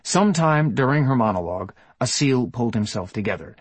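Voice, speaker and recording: A man narrates an audiobook in a measured, even storytelling voice. His tone is mid-pitched and husky. The recording is close and dry. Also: dry recording.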